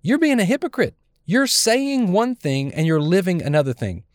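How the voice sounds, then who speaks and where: A preacher doing furious scolding apostle. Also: male voice, high-pitched, sing-song, moderate pace, no room sound, clean studio sound, pitched above the performer's own voice. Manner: scolding, exasperated. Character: furious confrontational apostle, adult man.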